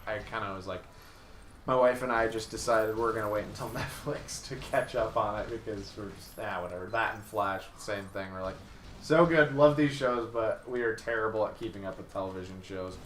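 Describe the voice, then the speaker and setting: Enthusiastic young male podcast host, bright sharp tone, rambles, distant mic in an echoey room. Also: on the low side, steady tone, a little hiss or hum. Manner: enthusiastic, rambling, quick to laugh. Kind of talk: casual podcast chat.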